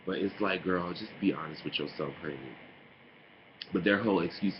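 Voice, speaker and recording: Low-voiced guy going off sassy in a vlog, lo-fi muffled sound with hiss behind. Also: a little fast. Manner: sassy, animated, mocking impressions. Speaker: vlogger. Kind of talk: casual opinion monologue. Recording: dull lo-fi home recording with noise.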